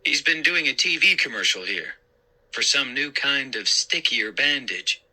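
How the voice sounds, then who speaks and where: A man's voice: medium pitch, expressive, a little slow, sharp tone, exaggerated voice, rough recording. A man voicing an uncle who loves telling corny jokes in a spooky storybook reading. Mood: joking. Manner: playful, joking. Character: jokey uncle, adult man, fond of dumb jokes.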